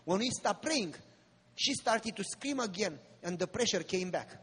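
A man preaching a sermon, telling a personal story with drama and rising to fervent appeals in a husky voice. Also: high voice, lively intonation, normal speed, a bit bright. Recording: long reverb of a large hall.

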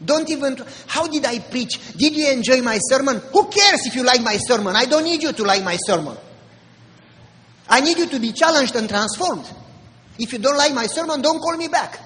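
A man with a Romanian accent, a pastor preaching an animated storytelling sermon with mimicked voices. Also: extremely high pitch, fairly quick, long reverb tail, slight background noise, rough recording.

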